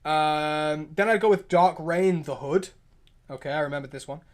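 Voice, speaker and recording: An excitable male streamer with a fairly high voice, riffing on viewer comments in a loose, rambling way. He jumps between opinions with quick restarts and eager asides, keeping a casual livestream chat going. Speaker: livestream host.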